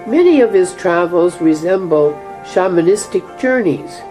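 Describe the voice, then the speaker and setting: A woman giving scripted documentary narration in a calm, explanatory delivery. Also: on the low side, rough recording.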